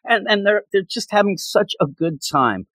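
A man in casual chat, excitedly recapping a comic book issue in a rambling way. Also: high-pitched, moderate pace, no room sound. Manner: enthusiastic, rambling recap with frequent laughs.

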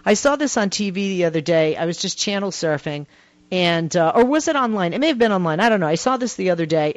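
A man hosting a call-in radio talk show, telling a story with emphatic swings between loud and hushed. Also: high-pitched, no room sound. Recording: dull lo-fi radio sound, dry.

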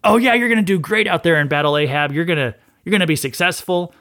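Eager male court prophets gush with reassurance for their king, as a podcast host puts them on briefly. Their voice runs a little high and keeps pushing its flattery, fawning and overeager. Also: quick pace.

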